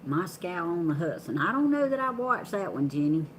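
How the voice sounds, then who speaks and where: Woman, drawl, live-stream co-host, very lively melody, folksy and easygoing. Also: lowish voice, moderate pace, slight background noise. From Georgia, US. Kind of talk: casual chat reading viewer comments.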